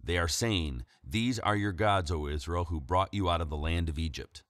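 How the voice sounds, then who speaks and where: Stern angry god voice, read by a man, deep and low, slow and grave. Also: a bit bright, no echo. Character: the Lord, stern angry male deity.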